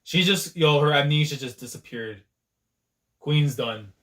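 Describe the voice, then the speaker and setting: A man reacts live to a new manga chapter, slangy and quick to exclaim. His voice sits a little high for a man. The delivery is loose and conversational, like a streamer riffing with his viewers. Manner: excitable and slangy, with frequent exclamations.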